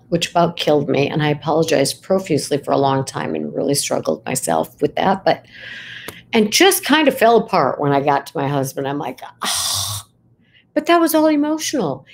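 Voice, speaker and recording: A woman's voice: on the low side, darkish tone, slight background noise. Conversational woman, keeps checking in. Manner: conversational, keeps asking "right?", rises sharply for emphasis. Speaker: psychologist. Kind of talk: reflective talk to camera.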